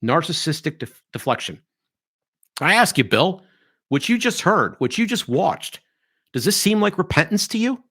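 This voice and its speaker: Animated, mocking male podcast host. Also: sits high, moderate pace, husky. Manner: animated, mocking, mimics others in sing-song voices. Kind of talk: opinionated podcast commentary.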